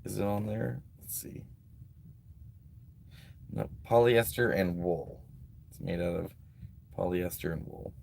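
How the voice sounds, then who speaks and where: A slow, low-pitched man with vocal fry and a slightly mellow sound, pausing often. Streaming live from a beach, the vlogger reads donations in a loose, laid-back ramble peppered with "um" and "like."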